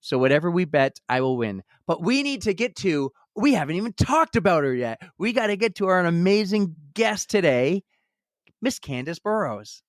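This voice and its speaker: A man co-hosting a running podcast in casual chat, telling animated stories and mimicking others. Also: moderate pace, dry recording, clean studio sound. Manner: animated storyteller, mimics others in high voices. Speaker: podcast co-host.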